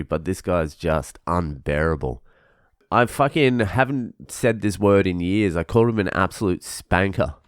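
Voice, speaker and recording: Deep-voiced swearing young man. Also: no room sound, studio quality. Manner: swears constantly, ranting. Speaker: vlogger. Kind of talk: casual venting monologue.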